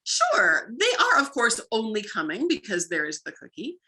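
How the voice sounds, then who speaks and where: A woman dog trainer, a guest explaining play with dogs in casual chat, lively and full of "like". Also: fairly high pitch, normal speed. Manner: lively, acts out playful bits with frequent "like".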